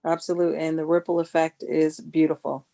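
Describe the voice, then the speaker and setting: An older grandmother in casual conversation, chatty and quick to tell stories, heard over a video call. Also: low-pitched, flat delivery, creaky, dark tone. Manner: chatty, laughing storyteller. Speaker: coaching guest.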